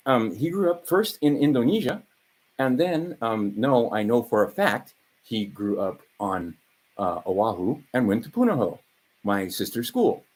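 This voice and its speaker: Husky, animated man rambling around 60. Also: mid-range voice, unhurried, low-quality recording. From Hawaii. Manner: rambling, profane, with frequent fillers and laughing asides. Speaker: vlogger. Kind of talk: rambling monologue vlog.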